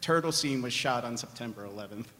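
A man in the audience of a live show asking a question, hesitant and soft-spoken, away from the mic. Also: medium pitch, expressive, a little fast, in a large hall, a crowd in the background.

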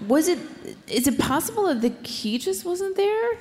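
A woman's voice: very high-pitched, big pitch swings, normal speed, darkish tone, long reverb tail, slight background noise. A woman on a live podcast panel, wondering aloud about a movie scene. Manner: puzzled, questioning.

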